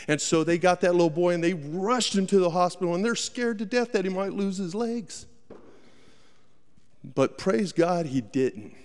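Folksy preacher in a reverberant hall. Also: male voice, a little high, a little mellow. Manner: folksy, dramatic storyteller, acts out voices. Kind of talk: sermon storytelling.

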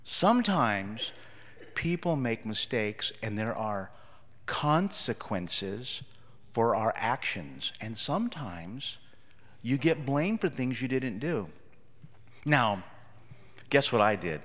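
Animated pastor telling kids a story. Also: male voice, mid-range voice, slow, pauses often, big-room sound. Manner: animated, asks the children questions. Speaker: pastor giving a children's message. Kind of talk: children's sermon storytelling.

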